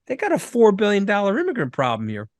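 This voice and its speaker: Animated New man, dry close sound. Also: high-pitched, no echo. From Long Island, New York. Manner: animated, emphatic, rapid-fire storytelling. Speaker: guest. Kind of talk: conversational interview.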